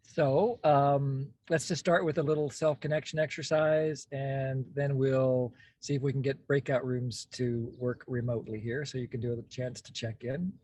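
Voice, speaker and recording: A man hosting a mindfulness practice group from a parked car on a video call, speaking slowly and calmly and often clearing his throat. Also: mid-range voice, no echo. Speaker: meditation class host. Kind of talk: gentle guided mindfulness. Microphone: phone on video call.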